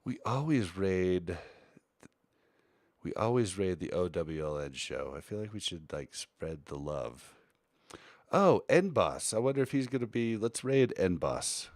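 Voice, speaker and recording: Low-voiced man chatting on a podcast. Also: unhurried, no room sound, studio quality. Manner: animated, switches between a deeper casual voice and a higher softer one. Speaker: podcast co-host and streamer. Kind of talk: casual live podcast chat.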